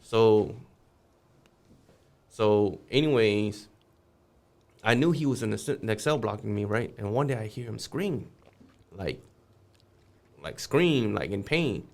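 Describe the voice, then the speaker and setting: A man's voice: fairly low pitch, lively intonation, takes it slowly, vocal fry, long pauses, darkish tone. A man guest on a podcast, telling a street story casually, swearing freely and acting out the voices of the people in it.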